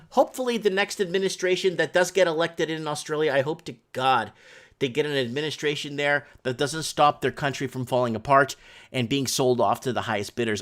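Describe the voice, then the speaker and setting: A man's voice: mid-range voice, fairly bright tone. A man hosts a housing market talk show. He reads news items aloud, adds rambling commentary, and works out sums as he goes.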